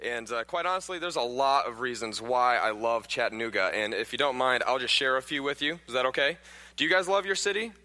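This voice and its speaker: Brief: bright, forceful male preacher in his 30s, jokey, echoey hall. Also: medium pitch, brisk. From Pennsylvania. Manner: joking, questions the audience. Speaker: guest preacher. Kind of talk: sermon with humorous stories.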